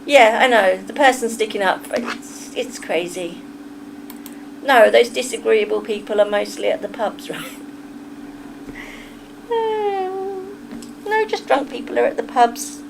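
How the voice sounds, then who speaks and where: Slow-talking Kentish woman streamer. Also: fairly high pitch, animated, vocal fry, noisy background. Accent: Kentish English. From England. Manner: chatty, opinionated, talks straight to chat. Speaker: livestreamer. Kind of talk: casual livestream chat with viewers.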